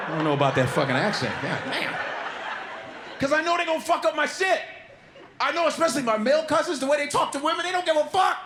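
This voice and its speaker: A man doing stand-up comedy with a loud, punchy delivery. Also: very high voice, very animated, quick pace, reverberant, slight background noise. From Nigerian family. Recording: stage with loud crowd.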